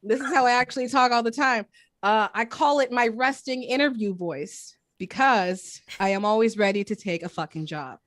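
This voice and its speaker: A young woman from East Oakland doing a stand-up set over a video call, with a crisp announcer-like voice and deadpan delivery. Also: fairly high pitch, normal speed, no room sound. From East Oakland, California. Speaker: stand-up comedian.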